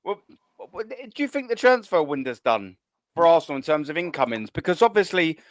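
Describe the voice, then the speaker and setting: A man's voice: a little high, very animated, fairly quick, dry recording, clean studio sound. A man hosting a casual live football chat show, rambling and swearing casually. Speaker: host.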